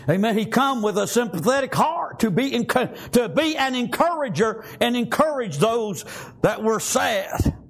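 A man's voice: extremely high pitch, expressive, a little slow. A male preacher delivering a sermon with fervor, scattering "praise God" and "amen" through his lines.

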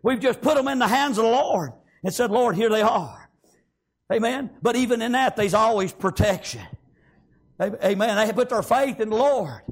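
A preacher, a man, delivering a fervent sermon. His voice sits very high for a man, with a gravelly rasp, and he keeps punctuating his lines with amens. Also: normal speed.

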